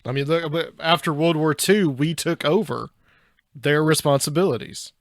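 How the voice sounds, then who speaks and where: A man's voice: fairly high pitch, normal speed, no echo, clean studio sound. A man hosting a podcast interview, asking questions in a casual, conversational way. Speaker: podcast host.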